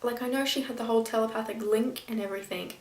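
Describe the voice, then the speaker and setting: Woman rambling thru a tv review vlog, kinda exasperated, voice a little high, sounds roomy and far from the mic. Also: steady tone, fast, darkish tone. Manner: rambling, exasperated, stumbles over names. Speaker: video reviewer. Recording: echoey room, a bit off-mic.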